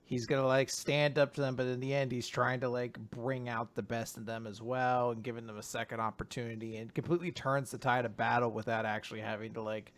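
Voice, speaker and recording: A man's voice: medium pitch, flat delivery, a little fast, few pauses. A man co-hosting a podcast, chatting enthusiastically and rambling with lots of fillers. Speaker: podcast co-host. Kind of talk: casual discussion.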